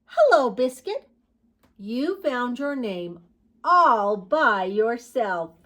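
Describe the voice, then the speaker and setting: A woman voicing a cheerful little girl in a storybook read-aloud, speaking in a bright, eager, sing-song way. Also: fairly high pitch, sing-song, drawn-out words, heavily acted. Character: cheerful little girl naming her new puppy.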